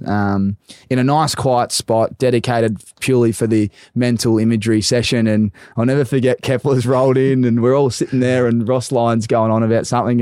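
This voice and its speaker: A man's voice: medium pitch, a little mellow, no room sound, clean studio sound. A man with an Australian accent hosting a casual chat, telling stories in a blokey, laughing way. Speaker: podcast host.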